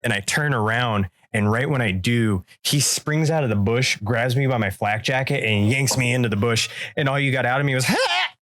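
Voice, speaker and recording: A man's voice: medium pitch, a little fast, few pauses, a bit bright, no echo, clean studio sound. A man co-hosting a podcast, telling a story in loose, profane chat and acting out the quoted lines. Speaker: podcast co-host. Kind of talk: casual storytelling.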